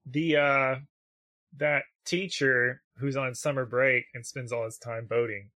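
A man's voice: mid-range voice, steady tone, measured pace, sharp tone. A man playing in a tabletop role-playing game, asking curious questions and making jokes. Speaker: player. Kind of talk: casual tabletop play.

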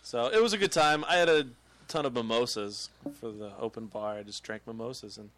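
A man hosting a casual podcast, telling long, meandering anecdotes and breaking into laughter. His voice sits at an ordinary middle pitch. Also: brisk, fairly bright tone. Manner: rambling storyteller, laughs often. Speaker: podcast host. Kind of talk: casual chat.

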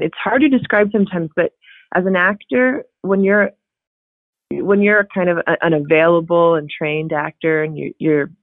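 Woman, interview guest, expressive, laughs often, phone-like tinny audio, dry sound. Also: on the low side, no echo. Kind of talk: casual interview chat.

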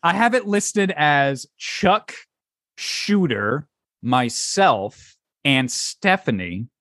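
Speaking extremely slowly in a fairly high, slightly bright and animated voice, a male host rambles through setting up an improv game on a casual podcast. He uses lots of fillers and laughs between phrases. The studio-quality recording has no room sound.

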